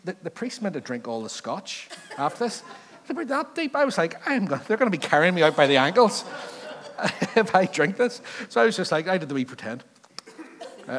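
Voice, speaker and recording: A man's voice: on the high side, a bit bright. A man from Belfast with a Northern Irish accent, preaching a sermon as pastor in a chatty, joking way, full of rambling asides.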